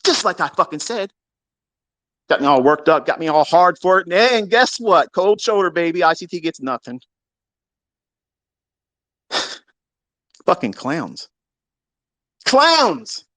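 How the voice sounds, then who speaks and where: A man on a heated, profane rant, taunting his critics and bragging, with a voice that sits a little high for a man. He jumps from loud outbursts to low mutters. The sound is dry and close, with no room echo. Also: animated, unhurried, long pauses. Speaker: trading educator hosting a live audio room.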